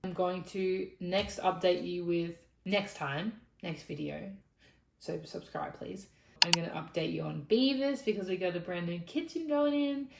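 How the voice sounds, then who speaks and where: A woman's voice: on the low side, unhurried, creaky, roomy sound, poor audio. A young Australian woman talking to camera in a casual, rambling advice vlog, frank and chatty. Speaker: vlogger.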